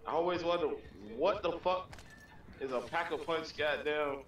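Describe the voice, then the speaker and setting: Laid-back streamer, distant and echoey. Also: male voice, fairly high pitch, normal speed. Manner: laid-back, laughing, profane. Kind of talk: casual gaming chat. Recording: echoey, distant mic, noisy.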